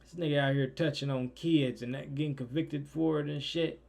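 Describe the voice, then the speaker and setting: Gravelly young man reacting casually. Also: fairly high pitch, fairly even intonation, moderate pace. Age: young adult. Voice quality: gravelly, slangy, swings loud and soft. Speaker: reaction streamer.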